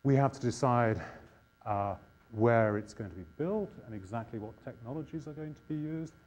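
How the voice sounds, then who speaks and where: Man giving a measured science lecture. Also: medium pitch, a little mellow, muffled recording. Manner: measured, explanatory delivery with emphatic pauses. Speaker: public lecturer. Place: lecture hall.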